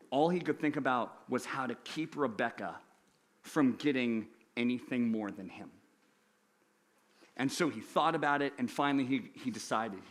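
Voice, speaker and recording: A young man, a youth pastor, telling a story in a sermon, animated, acting out the characters' lines. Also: medium pitch.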